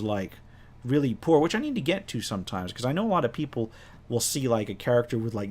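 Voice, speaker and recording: A man telling a tabletop game story as game master, casually and with many restarts, acting out his players' lines. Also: mid-range voice. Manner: rambling, many restarts, acts out players' voices.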